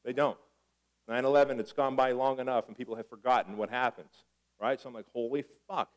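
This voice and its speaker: Animated, swearing motivational speaker, man. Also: mid-range voice, fairly quick, rough recording. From Armenia. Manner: animated storytelling, swears, acts out dialogue. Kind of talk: live motivational talk.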